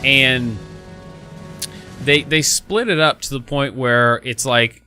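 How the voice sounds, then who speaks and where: A man with a bright, tense voice tells a long work grievance while he plays. He swears constantly and sounds fed up, piling on restarts as he vents. Faint music plays underneath. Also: mid-range voice, slow, long pauses, clean tone, no room sound. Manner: profane, exasperated ranting. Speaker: streamer. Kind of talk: casual storytelling while gaming.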